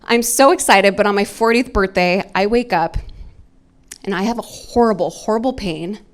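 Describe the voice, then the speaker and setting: A woman's voice: mid-range voice, normal speed. A woman in her forties telling a personal story in stand-up, candid and self-mocking, laughing at herself. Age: 40s. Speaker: stand-up comedian. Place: comedy club stage.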